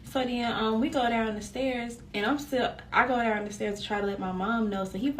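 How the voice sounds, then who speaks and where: A young woman, telling a personal story in a casual, animated way and talking straight to her viewers. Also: a little high, normal speed, recorded from a distance, a little hiss or hum. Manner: animated, addresses viewers directly.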